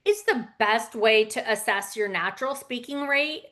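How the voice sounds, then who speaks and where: A woman's voice: fairly high pitch, normal speed, fairly bright tone. Chatty woman teaching public speaking. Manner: conversational, frequent fillers and asides. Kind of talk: casual spoken lesson.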